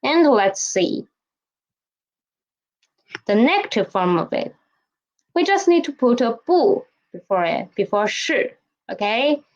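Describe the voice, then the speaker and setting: A woman's voice: fairly high pitch, sing-song, slow pace, pauses often. A woman teaches a language lesson patiently, repeating key phrases and checking in with "okay?". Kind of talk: slow explanatory lesson. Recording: dull lo-fi recording.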